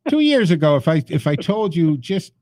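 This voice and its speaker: A man's voice: a little high, big pitch swings, moderate pace, darkish tone, no echo. A man hosting a call-in talk radio show, talking emphatically and sarcastically and addressing his listeners directly.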